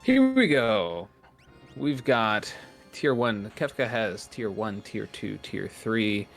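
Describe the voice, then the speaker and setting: A man co-commentating a video game tournament in an upbeat, casual way and reading out shoutouts to viewers. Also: lowish voice, big pitch swings, takes it slowly, vocal fry, soft background music. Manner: upbeat, reads out subscriber shoutouts. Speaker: esports co-commentator.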